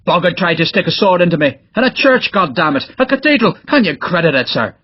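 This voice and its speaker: Man putting on an irish army sergeant, angry and swearing, husky voice, muffled dry audio. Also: sits high, sing-song, a little fast, pitched above the performer's own voice. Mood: indignant. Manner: cursing, indignant. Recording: dull, dry lo-fi audiobook recording.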